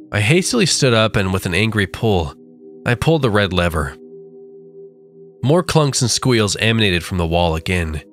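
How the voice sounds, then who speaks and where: A man narrating a first-person horror story with a dramatic, drawn-out delivery. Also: fairly low pitch, a bit bright. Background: faint music.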